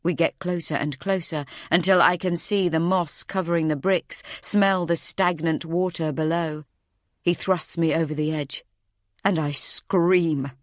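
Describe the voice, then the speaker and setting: A woman narrating a first-person thriller audiobook in a tense, measured way. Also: fairly low pitch, steady tone, no echo, clean studio sound.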